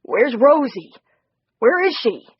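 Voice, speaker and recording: A big, gruff man with a raspy, breathy voice, as an audiobook narrator puts him on. He talks simply and earnestly, pleading at times. The recording is dry and a little muffled. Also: extremely high pitch, sing-song, slow, no echo, voice pushed up, exaggerated voice.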